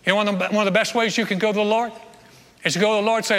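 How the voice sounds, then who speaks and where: A male pastor preaches a sermon to his congregation during a church service, his high, slightly bright voice racing along with fairly even intonation. He is earnest and emphatic, often repeating phrases, and the large hall gives a long reverb.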